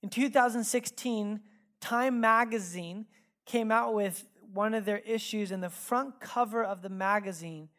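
A woman pastor preaching a sermon in a casual, candid storytelling manner, full of fillers and asides, swinging between lively emphasis and quiet, hushed reflection. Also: mid-range voice, unhurried.

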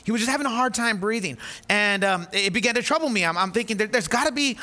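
Bright-voiced, animated preacher man. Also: sits high, fast. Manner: animated, acts out the people in his story, repeats words as he restarts. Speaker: pastor. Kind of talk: sermon storytelling.

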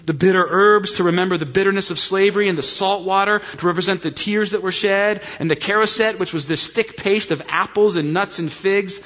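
A man preaching a sermon in a fairly high voice, leaning on repeated words for emphasis. The sound is dull and a bit lo-fi, with a long hall reverb trailing each phrase. He moves between reading scripture and explaining it. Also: fairly quick, few pauses, fairly bright tone. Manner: expository preaching, emphatic repetition. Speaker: pastor.

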